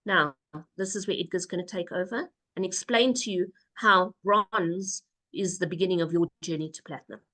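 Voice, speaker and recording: A woman walks listeners through the rules on a video call. She is brisk and instructive, and drops in playful asides. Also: on the low side, pushed and bright. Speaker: presenter. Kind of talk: casual webinar presentation.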